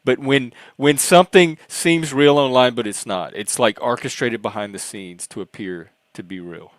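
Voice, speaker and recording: A man chatting casually on a call, asking questions in a measured way. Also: medium pitch, no echo. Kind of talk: casual chat.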